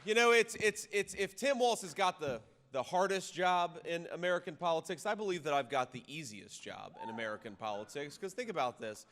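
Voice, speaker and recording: A man giving a campaign rally speech into a podium microphone, talking conversationally with restarts and repeated words and rising to loud punchy lines. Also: a little high, animated, brisk, hardly any pauses. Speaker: political candidate addressing a rally. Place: large reverberant rally venue. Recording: long reverb of a rally hall, faint ambient noise.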